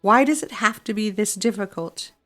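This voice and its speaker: A woman's voice: mid-range voice, moderate pace, faint music behind. A woman giving gameplay commentary as she plays a city-building game, exasperated and grumbling to herself about the controls. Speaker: game streamer.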